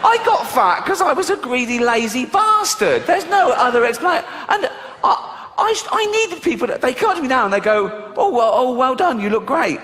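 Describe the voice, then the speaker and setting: A man's voice: very high-pitched, big pitch swings, normal speed, bright, forceful tone. A man doing a stand-up routine on stage before a live audience, with dry, sardonic storytelling. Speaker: stand-up comedian. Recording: reverberant venue with crowd noise.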